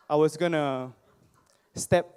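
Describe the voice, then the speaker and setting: A young man, giving a personal storytelling speech to a live audience, animated and self-mocking, often asking the crowd questions. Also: fairly high pitch, clean tone. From Singapore. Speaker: motivational speaker. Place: stage before a live audience.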